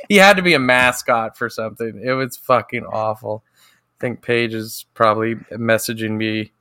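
Bright, clear-voiced chatty man. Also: medium pitch, no room sound, clean studio sound. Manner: rambling, laughing storyteller, quick asides. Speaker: podcast co-host. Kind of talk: casual chat.

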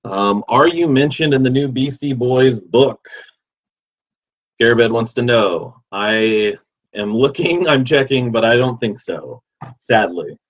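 A man's voice: medium pitch, slow pace. A man hosting a livestream, chatting casually and reading out viewer comments in an easygoing, rambling way with many fillers. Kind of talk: casual chat. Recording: dull lo-fi sound.

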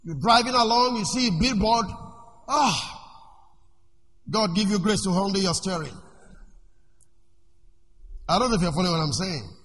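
A male preacher giving a sermon in an animated way. He asks the congregation questions and lets them finish his sentences. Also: high-pitched, brisk, pauses often. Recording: echoey hall with faint noise.

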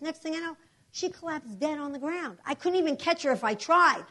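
Animated, high-voiced woman preaching a testimony. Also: fairly quick. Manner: animated, acts out voices and prayers. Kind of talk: sermon testimony storytelling.

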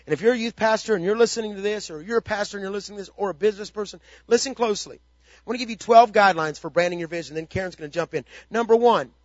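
A man's voice: high voice, no room sound, lo-fi sound. A man pastor giving a motivational ministry talk, emphatic and fond of repeated rhetorical questions.

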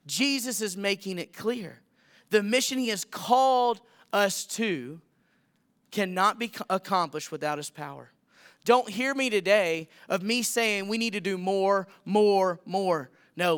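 A man's voice: high voice, sharp tone, clean tone. A young adult man preaching a sermon as a guest speaker, earnest and building to emphatic repeated calls.

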